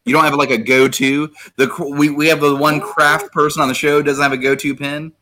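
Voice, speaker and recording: Bright-voiced male podcast host. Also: on the high side, little pitch movement, a little fast. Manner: enthusiastic, swears casually. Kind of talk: casual chat, reading comments aloud.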